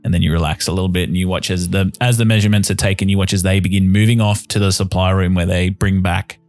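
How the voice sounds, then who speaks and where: A man's voice: deep voice, fairly even intonation, quick pace, a little mellow, dry recording, faint music behind. A man narrating as game master of a tabletop game, descriptive with frequent ums and uhs.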